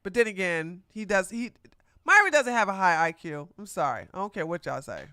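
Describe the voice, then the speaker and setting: A woman's voice: mid-range voice, very animated, fairly quick, bright, forceful tone, no echo, clean studio sound. A streamer, likely a woman, giving rambling, mocking reaction commentary.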